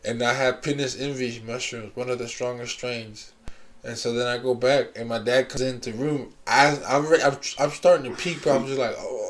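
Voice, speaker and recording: A man's voice: mid-range voice, steady tone, moderate pace. Rambling young man telling a story. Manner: rambling, many fillers and restarts. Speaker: storyteller in a casual chat. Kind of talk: casual chat.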